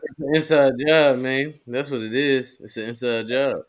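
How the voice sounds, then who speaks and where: A man's voice: medium pitch, normal speed. A man co-hosting a casual podcast chat, chiming in with short remarks. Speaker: podcast co-host.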